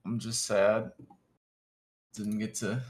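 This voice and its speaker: A man's voice: fairly low pitch, little pitch movement, takes it slowly, a little mellow, a little hiss or hum. A young man playing a tabletop game, bantering loosely, with swearing and laughs. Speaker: player. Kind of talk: casual joking chat.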